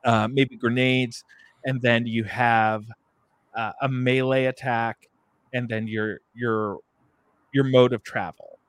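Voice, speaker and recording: A man on a podcast talks casually about games at a middling pitch, circling his point with ums and restarts. His voice is recorded close and dry, with no room sound. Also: fairly even intonation, slow, clean tone, dry recording. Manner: rambling, many fillers and restarts. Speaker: podcast co-host. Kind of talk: casual video game discussion.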